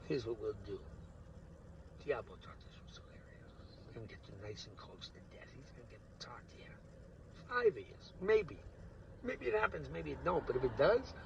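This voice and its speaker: A man in a rambling, profane monologue that veers from low mutters to loud outbursts, recorded dull and from a distance. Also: vocal fry, slight background noise. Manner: coarse and profane. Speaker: vlogger.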